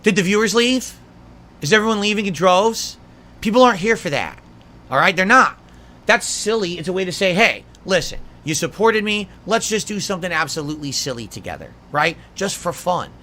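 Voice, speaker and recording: A male streamer with a high, bright, sharp voice, arguing back at his viewers. He sounds indignant and sarcastic. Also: expressive, a little fast. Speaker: livestreamer. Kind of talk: defensive talk to stream chat.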